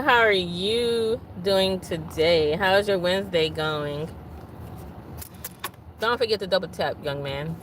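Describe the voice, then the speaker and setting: A woman's voice: fairly low pitch, big pitch swings, moderate pace, fairly bright tone, slight background noise, poor audio. A woman hosting a casual livestream, chatting and venting while greeting viewers by name. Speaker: livestream host.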